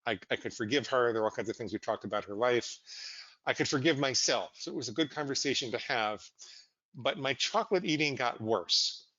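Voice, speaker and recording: Male psychologist guest, mid-pitched, candid and self-mocking; dry, slightly dull recording. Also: fairly quick, dry recording. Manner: candid, animated, self-deprecating. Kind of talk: conversational interview storytelling.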